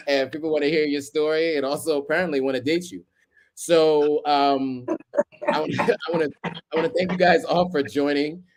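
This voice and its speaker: A man's voice: on the high side, steady tone, normal speed, pauses often. A man in his thirties hosting a live stream, chatting casually with lots of ums and easy laughter. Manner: laid-back, chuckling, many ums.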